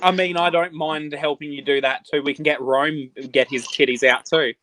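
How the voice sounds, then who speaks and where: A woman's voice: low voice, fairly even intonation, normal speed, a bit bright. A woman with a mixed Australian and British accent, chatting easily and affectionately with friends. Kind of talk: casual chat among friends.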